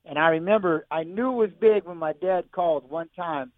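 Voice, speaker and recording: A man's voice: on the high side, normal speed, no echo. A man telling an emotional personal story as a radio guest, rambling and repeating himself over a phone call. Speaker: guest fighter. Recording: tinny phone line, dry.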